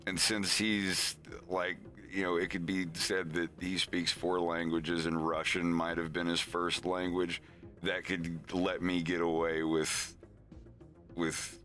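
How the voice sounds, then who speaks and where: A man's voice: deep voice, flat delivery, takes it slowly, fairly bright tone, soft background music. A man chatting casually on a live stream, rambling with lots of fillers as he talks through his animation.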